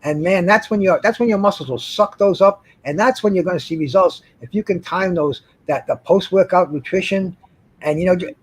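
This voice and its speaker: A man's voice: high voice, brisk, husky, poor audio. A man speaking as a panelist in a casual group chat over a video call, who often repeats words and restarts his sentences. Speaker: guest panelist.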